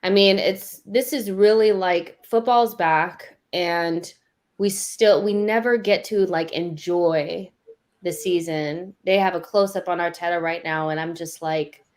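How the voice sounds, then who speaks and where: Woman host of a football watchalong, lowish voice, wry and fed up, casual chatter. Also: fairly even intonation, a little slow, darkish tone. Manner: wry, exasperated, laughing along. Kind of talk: casual live watchalong chat.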